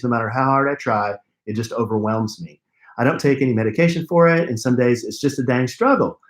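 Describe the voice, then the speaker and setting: A man's voice: mid-range voice, roomy sound. A man co-hosting a podcast, reading listener letters aloud with playful, teasing banter. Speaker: podcast co-host. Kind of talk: casual chat, reading listener mail.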